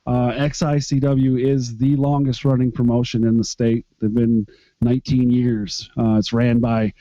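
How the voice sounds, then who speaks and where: Brief: a laid-back male guest from Michigan, mellow voice over a slightly dull call-in line. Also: medium pitch, level tone, moderate pace, no room sound. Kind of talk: casual chat.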